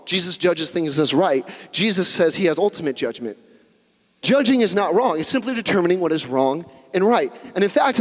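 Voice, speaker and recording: A man preaching a sermon as a pastor, conversational and animated, with jokey asides. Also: sits high. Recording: long reverb of a hall.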